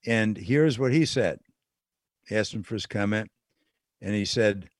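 A man's voice: lowish voice, a little slow, no room sound, clean studio sound. Indignant male talk radio host. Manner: indignant, incredulous, laughs in disbelief. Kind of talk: political talk radio monologue. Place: radio studio. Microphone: studio microphone.

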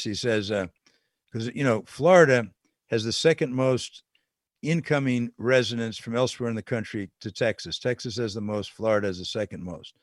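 A man's voice: medium pitch, normal speed, dry recording, clean studio sound. Indignant male talk radio host. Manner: indignant, incredulous, laughs in disbelief. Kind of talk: political talk radio monologue. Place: radio studio. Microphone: studio microphone.

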